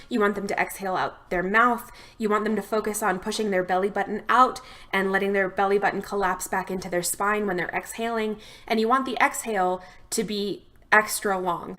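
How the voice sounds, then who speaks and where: Calm, steady woman therapist explaining. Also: a little high. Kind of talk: instructional talk to camera.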